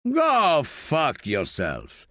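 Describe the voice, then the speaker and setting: A man's voice: fairly high pitch, huge pitch swings, very slow, bright, forceful tone, dry recording, studio quality, heavily acted. A man playing an irritable, heavyset middle-aged coroner, brusque and dismissive and out of breath.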